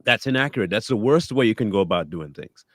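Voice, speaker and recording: A man with a low voice co-hosts a live talk stream, recorded dry and close to the mic. He talks casually and with energy, putting on voices for the people he quotes and laughing now and then. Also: fast talker, dry recording. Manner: animated, acts out quoted voices, laughs often. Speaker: co-host.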